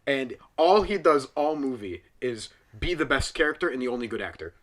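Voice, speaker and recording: A man's voice: mid-range voice, a little fast. A young man on a podcast, animatedly and profanely ranting through a comedic film review. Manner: animated, exaggerated, profane storytelling. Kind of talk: casual comedic rant.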